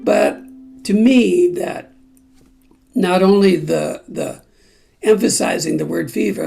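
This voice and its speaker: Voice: mid-range voice, lively intonation, a little slow, gravelly, warm tone, faint music behind. A ukulele group teacher explaining song timing step by step and breaking into snippets of the lyrics. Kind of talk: song-by-song music lesson.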